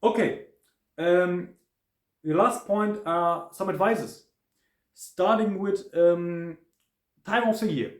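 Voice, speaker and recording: A man with a German accent giving a casual spoken hotel review, halting, with many fillers and restarts. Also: sits high, roomy sound.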